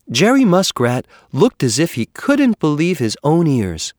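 A man reading a children's animal story aloud with an expressive, measured storytelling manner. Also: fairly high pitch, no echo, studio quality. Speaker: narrator. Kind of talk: storybook narration.

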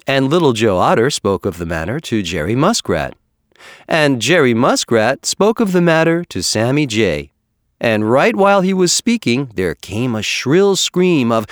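A man reading a children's animal story aloud with an expressive, measured storytelling manner. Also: mid-range voice, dry recording, clean studio sound. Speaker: narrator. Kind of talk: storybook narration.

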